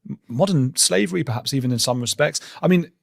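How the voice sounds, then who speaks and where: Fast husky male interviewer. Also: fairly high pitch, lively intonation, no echo, clean studio sound. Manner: inquisitive, thinking aloud.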